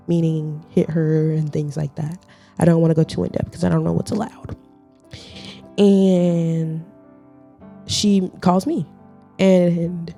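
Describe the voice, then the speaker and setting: A young woman hosting a podcast, telling a personal story in casual, slangy chat and acting out the quotes. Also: fairly low pitch. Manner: animated, slangy, acts out quotes. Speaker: podcast host.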